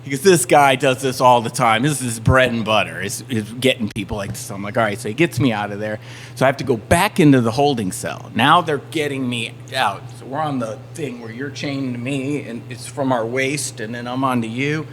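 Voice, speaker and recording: A man's voice: medium pitch, brisk, slight background noise. A man from the Southern United States, a band member telling a story on a podcast and acting out everyone's lines. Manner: animated storyteller acting out quotes.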